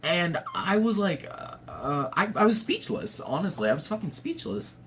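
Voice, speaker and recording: A man's voice: high voice, big pitch swings, normal speed, a little hiss or hum. A young adult man telling a personal story to camera in a casual, chatty way, swearing freely and laughing often. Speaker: vlogger.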